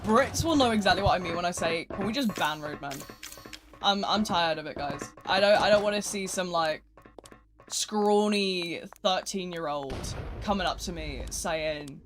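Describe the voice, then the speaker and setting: A British live streamer chatting casually and rambling while gaming, swinging between loud asides and quiet mutters. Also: mid-range voice, moderate pace, over music.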